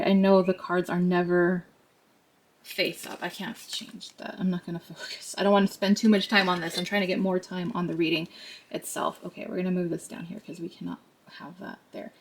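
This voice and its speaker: A woman's voice: fairly low pitch, creaky. A woman giving a tarot card reading to her viewers, talking in a chatty, earnest way with many fillers and asides.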